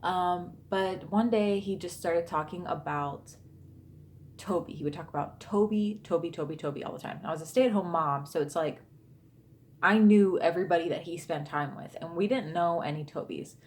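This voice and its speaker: A chatty woman in her thirties tells a true ghost story straight to camera. Her voice sits fairly low, and her talk is full of fillers and casual asides. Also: normal speed, a little mellow, a little hiss or hum. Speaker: YouTuber. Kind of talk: storytime vlog.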